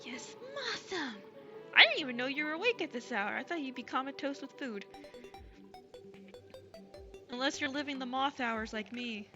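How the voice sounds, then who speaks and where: A woman streaming live while gaming, chatting casually and gushing excitedly over her viewers. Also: high voice, moderate pace, pauses often, lo-fi sound, soft background music. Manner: bubbly and gushing, thanks chat excitedly.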